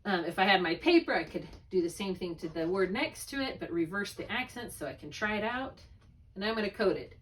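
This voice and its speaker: A woman's voice: medium pitch, animated, brisk, recorded from a distance. A woman works through a spelling lesson with a single student, talking patiently through each step as she marks up the words. Her voice sits in a middle register and is picked up from a little way off the microphone. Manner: patient, thinking aloud step by step. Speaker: reading tutor.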